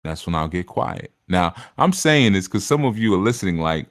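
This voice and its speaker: A man's voice: low-pitched, sing-song, moderate pace, no echo, clean studio sound. A man giving a blunt, casual spiritual talk as a reader, acting out the voices of the people who come to him. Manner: blunt, acts out clients' voices.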